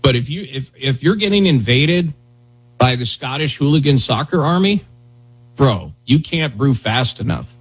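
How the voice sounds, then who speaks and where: Husky, rambling radio host, a man. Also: mid-range voice, animated, normal speed. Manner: loose, rambling, lots of "dude" and "man". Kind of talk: casual talk radio banter.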